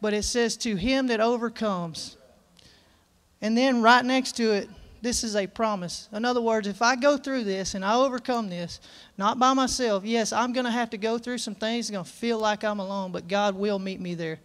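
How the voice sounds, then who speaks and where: A man's voice: high voice, moderate pace, fairly bright tone. A man preaching a sermon in a church service, folksy and earnest, reading scripture aloud with emphasis.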